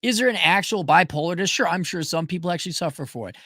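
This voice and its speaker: A man's voice: fast, no echo, clean studio sound. A middle-aged man hosting a livestream, answering viewer questions in a blunt, profane, emphatic way. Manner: profane, emphatic, animated pitch jumps. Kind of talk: blunt opinionated livestream chat.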